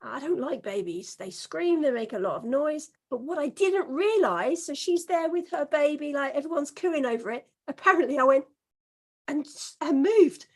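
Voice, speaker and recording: A woman's voice: sits high, animated, moderate pace, a little mellow. A woman on a discussion panel telling a self-deprecating story.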